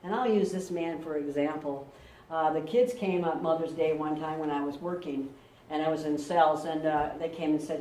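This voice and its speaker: A woman's voice: sits low, normal speed, a little hiss or hum. Woman preacher in an echoey church. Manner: lively, conversational, acts out quotes. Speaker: pastor. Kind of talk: sermon. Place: church sanctuary. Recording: echoey room, mic from far off.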